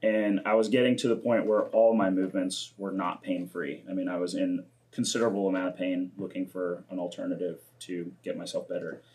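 A man's voice: deep voice, flat delivery, fairly quick, hardly any pauses, a little mellow. A man in his twenties hosting a podcast, chatting casually, swearing often and acting out quotes. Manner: laid-back, swears often, acts out quotes. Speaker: podcast host.

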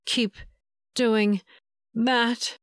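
A breathless, pleading adult woman lover in an audio story, voiced by the woman who narrates it. The voice is smooth and clear. It stays fairly level in pitch and sounds close and dry. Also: fairly even intonation, slow, dry recording, close to an everyday voice.

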